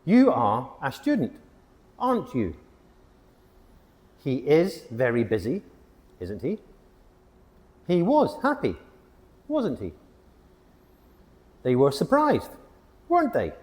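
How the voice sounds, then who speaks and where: A man teaching an English grammar lesson, with a clear and emphatic delivery. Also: on the high side, huge pitch swings, slow, long pauses, darkish tone, in a large hall. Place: hot location.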